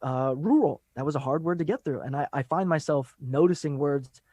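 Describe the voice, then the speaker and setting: A man guesting on a podcast, talking fast and laid-back in casual chat, laughing often. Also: a little high, expressive, dark tone, dry recording.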